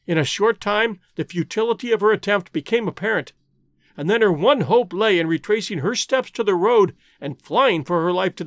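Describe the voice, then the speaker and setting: A man reading an adventure story aloud as an audiobook narrator, with dramatic, expressive delivery. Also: high voice, no echo, clean studio sound. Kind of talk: scripted narration.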